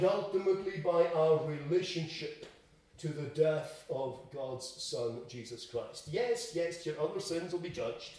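A man preaching a sermon in a church, emphatic, swinging between loud and quiet to drive home his points. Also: on the high side, a little slow. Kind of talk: expository sermon. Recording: echoey room, distant mic.

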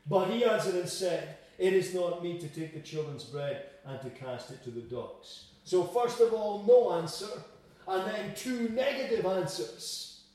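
A man's voice: high-pitched, expressive, measured pace, darkish tone, heavy reverb, distant mic, rough recording. A man giving a sermon, reading scripture aloud and explaining it in plain words. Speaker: preacher.

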